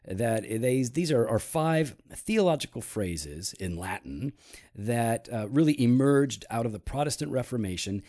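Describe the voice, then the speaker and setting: Man, host, mid-pitched voice, lively intonation, measured explaining, many fillers. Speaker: podcast host. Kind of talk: casual teaching talk about church history.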